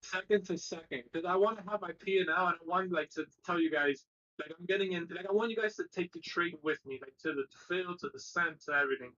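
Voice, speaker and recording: A man co-hosting a live trading stream, talking in an animated, slangy way and swearing freely. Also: sits high, quick pace, highs cut off. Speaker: stock trading co-host. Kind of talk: casual live-stream chat.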